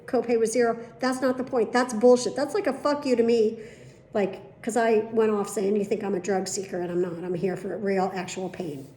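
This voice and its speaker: A woman's voice: a little high, warm tone. Chatty swearing woman in an echoey room. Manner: chatty, swearing, retelling dialogue. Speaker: vlogger. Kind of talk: casual vlog storytelling. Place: at home.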